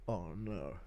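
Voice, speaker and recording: A male streamer giving loud, profane play-by-play while he reacts to a fight and reads chat. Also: sits low. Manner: excitable, profane, loud bursts. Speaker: streamer host.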